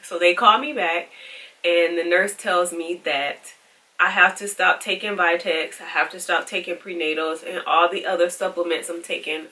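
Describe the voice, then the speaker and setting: A woman's voice: on the low side, fairly even intonation, moderate pace, pushed and bright, recorded from a distance. A woman vlogging, frankly and with exasperation retelling a story and quoting the people in it. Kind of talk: casual storytelling to camera.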